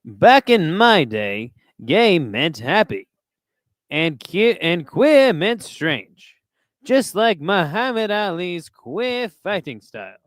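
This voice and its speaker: A man doing a comic impression of a pompous old male boxing announcer, with a slow, grandiose cadence, on a live stream. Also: sits high, very animated, no echo, studio quality, exaggerated voice. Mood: bombastic.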